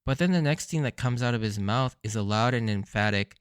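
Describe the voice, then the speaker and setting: A man's voice: mid-range voice, a little fast, clean tone, dry recording, studio quality. A man hosting a podcast, recapping anime episodes in a casual, enthusiastic way and laughing often. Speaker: podcast host.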